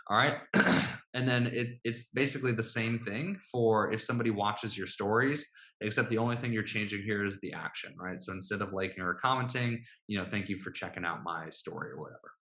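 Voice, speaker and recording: An upbeat man coaches listeners through a sales messaging script, and he keeps checking in with a quick "right?". His voice is bright and forward, with a noticeable echo from the room around him. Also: fairly low pitch. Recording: echoey room.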